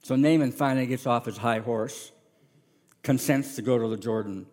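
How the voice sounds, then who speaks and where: A middle-aged man preaching a sermon as a pastor, animated and acting out the voices of the people in his story. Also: mid-range voice, normal speed, in a large hall. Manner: animated, acts out voices of characters.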